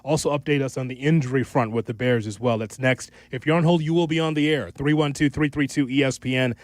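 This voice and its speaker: A man hosting sports talk radio, brisk as he reads lines and numbers. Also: mid-range voice, fairly even intonation, no echo. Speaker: radio host.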